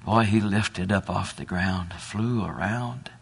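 A man preaching a sermon, telling a folksy animal story and building toward loud exhortation. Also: low voice, slow pace, creaky, breathy edge.

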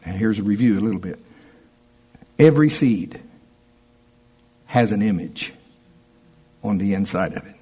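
A man preaching a sermon as pastor, conversational and emphatic, rising to forceful punches. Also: lowish voice, lively intonation, a little slow, long pauses, husky.

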